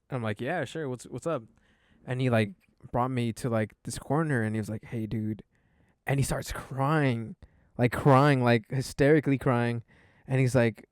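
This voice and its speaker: A man's voice: medium pitch, moderate pace, a little mellow, dry recording, clean studio sound. A young man hosting a casual podcast, telling a story in a rambling way full of fillers. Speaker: podcast host.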